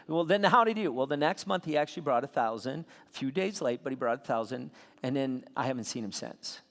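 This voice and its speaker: A man preaching a sermon as a pastor, telling a story with lively swings between soft asides and loud bursts. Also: mid-range voice, fast talker, few pauses. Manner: animated storytelling with sudden loud peaks. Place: church sanctuary. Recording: long hall reverb.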